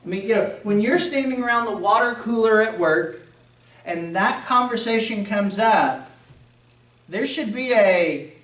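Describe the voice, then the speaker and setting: High-voiced Southern preacher in an echoey church. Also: male voice, animated, measured pace, a bit bright, far from the mic. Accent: faint Southern American. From American South. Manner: conversational, joking asides, acts out quoted voices. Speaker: pastor. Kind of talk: sermon. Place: church sanctuary.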